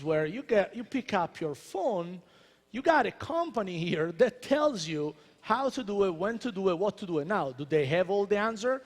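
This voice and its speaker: An Italian-accented man in his thirties speaks to a crowd in a large convention hall, with a fairly high voice. He jokes with the audience and drives his points home in an animated manner. His words ring out with the long echo of the big room. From Italy. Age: 30s. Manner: joking, animated, addresses crowd directly. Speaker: celebrity chef speaker. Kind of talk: motivational talk to an audience. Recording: reverberant hall.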